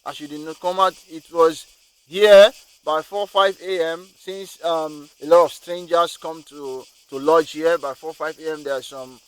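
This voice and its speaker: A man's voice: fairly high pitch, fairly even intonation, unhurried, clean tone, close to an everyday voice, poor audio. A friendly older hostel keeper, chatty and reassuring, played by a man in a slightly raised voice. He talks with loose restarts and fillers.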